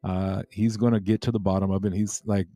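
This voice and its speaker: Man, crypto stream host, casual rambling chat, warm mellow tone, lowish voice. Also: level tone, brisk, no room sound, clean studio sound, faint music behind. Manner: rambling, laid-back, greets chat viewers. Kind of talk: casual late-night livestream chat.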